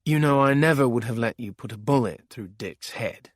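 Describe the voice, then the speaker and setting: A man doing a sly, jovial crime boss in an audiobook thriller. He teases and banters with cheerful menace. The voice sits at a middling pitch and sounds dry and close. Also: moderate pace, no echo, natural voice.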